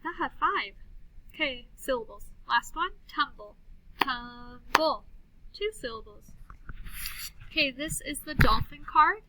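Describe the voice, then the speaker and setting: A woman teaching first graders a recorded phonics lesson from a classroom, sounding out words slowly, clearly and patiently. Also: sits high, expressive, bright, forceful tone, slight background noise, poor audio.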